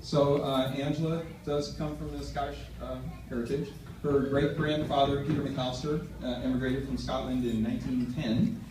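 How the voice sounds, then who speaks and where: A man's voice: mid-range voice, fairly even intonation, moderate pace. A middle-aged man introducing a toast at a wedding reception, talking hesitantly with lots of fillers and restarts. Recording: echoey hall from far off, crowd noise.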